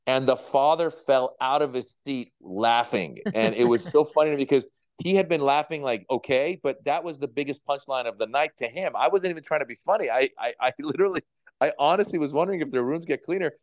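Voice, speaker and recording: A comedian in his fifties telling stories in an interview, animated and acting out people's voices. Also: mid-range voice, a little fast, no echo. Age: 50s. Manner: animated, acts out voices in anecdotes. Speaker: comedian guest. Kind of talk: relaxed interview storytelling.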